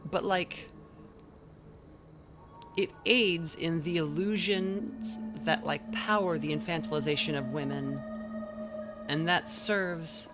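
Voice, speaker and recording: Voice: medium pitch, takes it slowly, pauses often. A game streamer in casual let's play commentary, rambling with many fillers and restarts while speaking into a desk mic. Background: game music.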